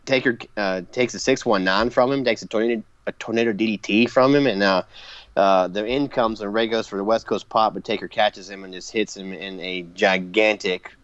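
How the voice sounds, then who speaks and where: A man's voice: fairly low pitch, fairly even intonation, normal speed, dry recording, muffled recording. A man co-hosting a podcast, recapping eagerly in casual chat with lots of fillers. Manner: enthusiastic recapping with frequent fillers and laughs. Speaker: podcast co-host.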